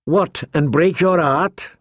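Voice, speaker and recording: A man voicing a sharp-tongued dwarf lord who is dry-witted and impatient in a storybook reading. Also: a little high, slow pace, no echo. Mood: wry.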